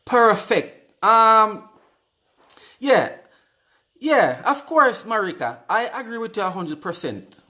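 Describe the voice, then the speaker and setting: A man's voice: high-pitched, big pitch swings, slow, pauses often, pushed and bright. A Jamaican man hosting a live stream, chatting casually and reading out viewers' comments, often repeating his words. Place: indoors on live video.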